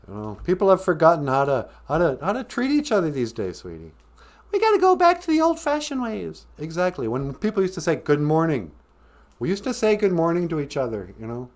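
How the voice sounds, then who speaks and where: A man with a high-leaning, sing-song voice speaks a little fast as he hosts a joking live stream about the Ojibwe language. Playful, he teases, laughs, and breaks into song, slipping into a grumpy old-man voice to scold like an elder for his jokes.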